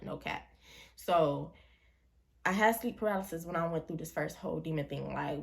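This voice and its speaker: Low, gravelly-voiced young woman telling a story. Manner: slangy, animated retelling with quoted voices. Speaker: vlogger. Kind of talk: casual storytime.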